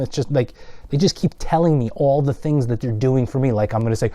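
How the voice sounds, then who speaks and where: A man's voice: mid-range voice, a little fast, mellow, dry recording. A man ranting to the camera in a casual vlog, rambling and exasperated, often mocking how other people talk. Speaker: video blogger.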